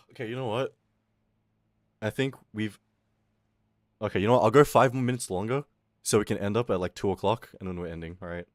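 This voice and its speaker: A young man streaming, chatting with his chat in a loud, swearing, laughing, animated rant. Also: fairly low pitch, a little fast, long pauses, no room sound, studio quality. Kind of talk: casual stream chat reading chat.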